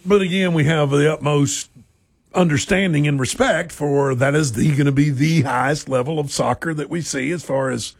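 A man co-hosting a casual sports talk show with a gravelly, husky voice and teasing banter. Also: a little high, normal speed, no echo, clean studio sound. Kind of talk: casual sports radio chat.

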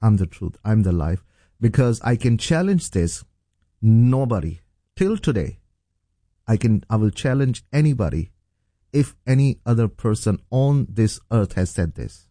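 A man's voice: mid-range voice, very animated, measured pace, warm tone, no echo, studio quality. A middle-aged man from Pakistan, a pastor, earnestly telling his personal testimony as an interview guest. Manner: earnest, storytelling.

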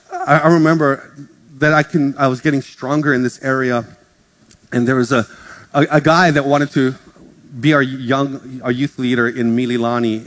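A man preaching a sermon as pastor, telling stories in a casual, joking way and acting out the voices of others. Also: mid-range voice. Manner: casual storytelling, acts out voices, jokes with congregation. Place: church in front of a congregation. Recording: music playing under the speech. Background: music.

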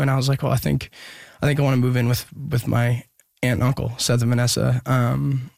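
A young man telling a personal story in an interview, halting and earnest with many pauses and restarts. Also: mid-range voice, little pitch movement, gravelly, darkish tone, dry recording, studio quality. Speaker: guest musician.

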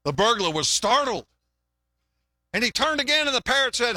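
A man's voice: extremely high pitch, lively intonation, brisk, pushed and bright, no echo, clean studio sound. An older man preaching a sermon in a folksy, conversational way, often restarting his words and mixing in jokes. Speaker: pastor.

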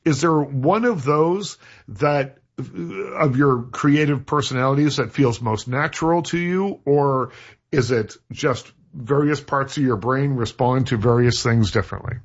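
A man's voice: mid-range voice, measured pace, slightly rough. A male radio host interviewing a guest, asking attentive questions and reading short plugs. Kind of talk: interview hosting. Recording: dull lo-fi sound.

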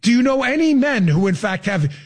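A man's voice: extremely high pitch, sing-song, fairly quick. A male radio talk show host delivering political commentary in a sarcastic, incredulous rant. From Florida resident.

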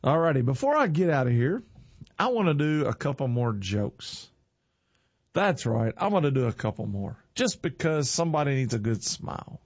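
A man's voice: medium pitch, very animated, moderate pace, darkish tone, no room sound, lo-fi sound. A middle-aged man hosting a casual chat, laughing at his own corny jokes and speaking in an earnest, folksy way. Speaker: online show host.

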